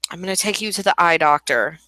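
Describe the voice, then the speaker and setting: A woman voicing a patient adult guardian who calmly reasons with a teenager. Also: on the low side, fast, no echo. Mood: coaxing.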